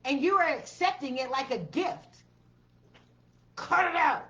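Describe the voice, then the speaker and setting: A woman's voice: high-pitched, lively intonation, a little slow, fairly bright tone, dull audio. A woman giving a blunt, profane tarot reading, repeating her commands with emphasis. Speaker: tarot reader.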